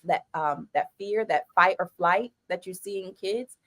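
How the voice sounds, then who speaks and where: Chatty woman host, animated. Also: fairly low pitch, measured pace. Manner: animated, chatty storytelling with laughs. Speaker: podcast host and mother. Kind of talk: casual chat.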